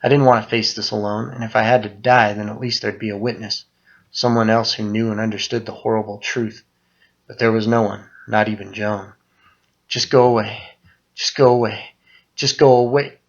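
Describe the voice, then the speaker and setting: A man reading his own first-person horror story aloud, muttering through the narration and breaking into loud outbursts on the quoted lines. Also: fairly low pitch, level tone, brisk, gravelly, lo-fi sound.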